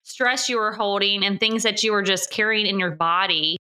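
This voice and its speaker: Bright-voiced woman hosting a podcast. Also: medium pitch, steady tone, moderate pace. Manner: engaged, affirming, reflects back the guest's words. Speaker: podcast host. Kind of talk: interview conversation.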